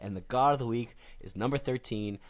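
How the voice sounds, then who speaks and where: A man with a mid-pitched voice, co-hosting a casual sports podcast. He tells stories in an easygoing way and leans into the parts he is enthusiastic about. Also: fairly quick. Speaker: podcast co-host.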